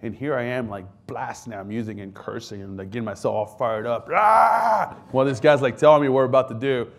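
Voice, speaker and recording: A man's voice: mid-range voice, quick pace. A man in his thirties, raised in France, telling stories on stage as a guest author and acting out the voices he quotes. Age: 30s. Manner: animated anecdotes, acts out quoted voices, laughs often. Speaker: guest author, army veteran. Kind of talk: casual storytelling on stage.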